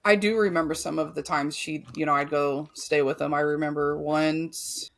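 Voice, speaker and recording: A woman's voice: deep voice, fairly even intonation, moderate pace. A woman in her thirties frankly telling her own life story as a podcast host, cursing freely and restarting her sentences often. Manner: frank, profane, full of fillers and restarts. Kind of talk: candid personal storytelling.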